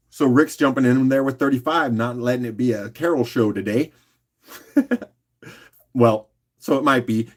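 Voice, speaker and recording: A man hosting a casual live-stream rock auction, joking and chatting with viewers by name in a loose, unhurried way. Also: mid-range voice. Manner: loose and unhurried, with fillers and restarts while doing other tasks.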